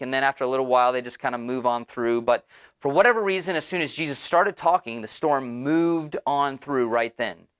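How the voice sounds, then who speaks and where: Male pastor, relaxed storytelling sermon voice, chatty asides. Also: on the high side.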